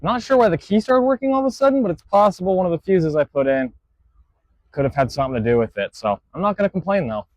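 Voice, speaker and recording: A car-flipping channel host with a high, lively voice narrates quickly and casually as he works on a truck. He thinks aloud with fillers and trailing sentences, recorded with no room sound.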